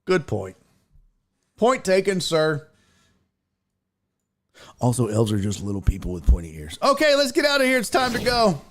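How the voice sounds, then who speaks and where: A man's voice: normal speed, pauses often. A man hosting a casual sports talk livestream, reading viewer comments aloud and joking around. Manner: animated, jokey, swings pitch wildly. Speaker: sports talk show host.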